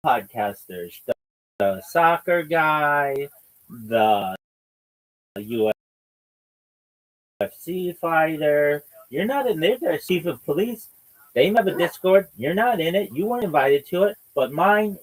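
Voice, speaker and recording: A man's voice: a little high, poor audio. A man hosting a casual livestreamed podcast chat, teasing and rambling in a mock-lecturing way. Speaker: podcast host.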